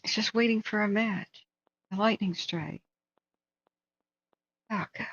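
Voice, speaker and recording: A woman's voice: medium pitch, takes it slowly, a bit bright, slightly rough. A woman hosting a live stream, chatting casually and thinking aloud as she tells a story. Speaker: livestream host. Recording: dull, dry lo-fi sound.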